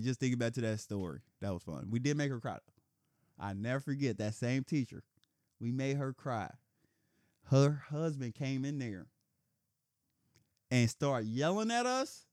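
A young man co-hosting a casual chat podcast, telling animated stories and acting out what people said, with plenty of swearing. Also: medium pitch, normal speed, long pauses, dry recording, studio quality. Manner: animated storytelling, acting out quotes, heavy swearing. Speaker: podcast co-host.

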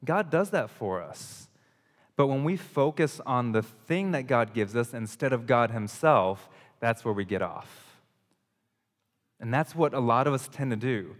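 A male pastor, likely in his thirties, delivering a sermon in a loose, conversational way, with emphatic pushes and frequent restarts. His mid-pitched voice rings out with a long reverb, as if in a large hall.

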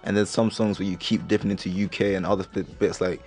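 A man's voice: on the low side, expressive, fast, hardly any pauses. A man co-hosting a casual chat, laid-back and slangy, often repeating his phrases.

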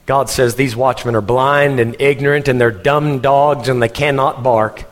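A man from Texas, preaching a sermon in an animated storytelling manner and laughing as he goes. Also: medium pitch, normal speed, big-room sound. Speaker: pastor.

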